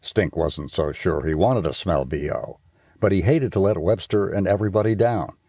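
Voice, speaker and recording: A man narrating a children's audiobook in a playful, expressive way. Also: sits low, moderate pace, husky, dry recording, clean studio sound.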